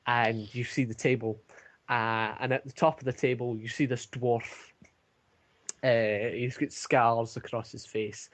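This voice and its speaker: A man running a tabletop game as game master, narrating with many pauses and fillers. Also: mid-range voice. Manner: hesitant, many fillers, laughs at own jokes.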